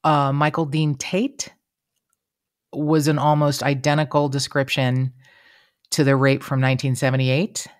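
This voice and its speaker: A woman's voice: extremely low pitch, a little slow, no room sound, studio quality. A woman, co-hosting a casual true-crime podcast, talking emotionally and acting out what people said. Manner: chatty, emotional, quotes people in lively voices. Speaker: podcast co-host. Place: podcast room.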